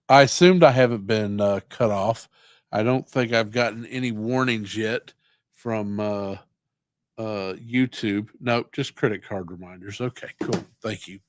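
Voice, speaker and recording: A middle-aged tattoo artist chats on a livestream, unhurried and drawn out. He rambles in a laid-back way and swears freely. The sound is dry, with no room around it. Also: on the low side, no echo. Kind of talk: casual livestream chat.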